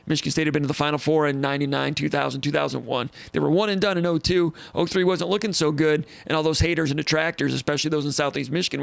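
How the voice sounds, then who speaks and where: A man hosting a live show and answering viewer questions, telling stories in a casual, animated way and repeating phrases for emphasis. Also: on the high side, creaky, no room sound. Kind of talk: casual live-stream storytelling.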